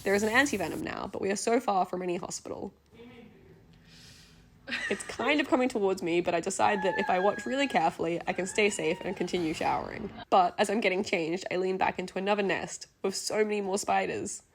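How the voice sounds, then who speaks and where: A woman narrating a travel vlog as a scripted voice-over, in a gentle, earnest, diary-like way. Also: mid-range voice, a little fast, a little hiss or hum.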